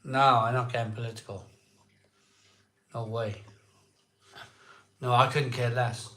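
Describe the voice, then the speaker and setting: A man in his forties chats to his live-stream viewers, slow and unhurried, joking as he reads their comments. His voice is bright and a little high for a man, and the room around him rings with echo. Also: fairly even intonation. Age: 40s. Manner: jokey, reads viewer comments aloud and laughs a lot. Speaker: host of a live beer-tasting stream. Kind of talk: casual live-stream chat. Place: at home, indoors.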